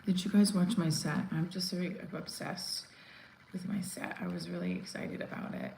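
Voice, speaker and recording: A woman's voice: fairly low pitch, sing-song, normal speed, creaky, a little mellow. A woman in her forties chatting casually on a livestream from home, rambling with lots of fillers and restarts. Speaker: comedian livestream host. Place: home room. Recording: echoey room with faint ambient noise.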